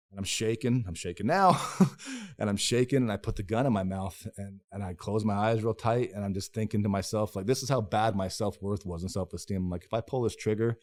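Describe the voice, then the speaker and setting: Low-voiced man telling a raw personal story. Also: a little mellow. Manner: raw, profane and emotional, with many restarts and repeated phrases; acts out his own past inner voice in quoted self-talk. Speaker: podcast guest. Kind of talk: candid personal storytelling in a podcast interview.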